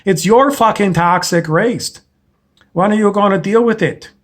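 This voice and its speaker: A Canadian self-help speaker with a high-pitched voice talks a little slowly. His monologue is blunt, profane and lecturing, delivered in a confrontational style.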